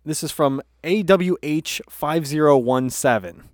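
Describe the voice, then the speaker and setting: A man's voice: a little high, measured pace, no room sound. A man co-hosting a casual podcast, easygoing as he reads listener reviews aloud. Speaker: podcast co-host. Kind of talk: casual chat.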